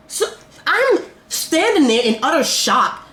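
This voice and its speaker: A young woman vlogger telling a casual storytime, animated and swearing as she acts out her own reactions. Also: on the low side, normal speed. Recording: echoey room, faint noise.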